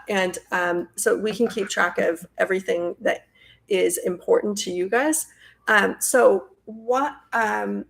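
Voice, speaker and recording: Woman host, friendly chatty live-stream intro, gravelly fry. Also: mid-range voice, a bit bright. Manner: friendly, chatty, many fillers. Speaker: host and nonprofit president.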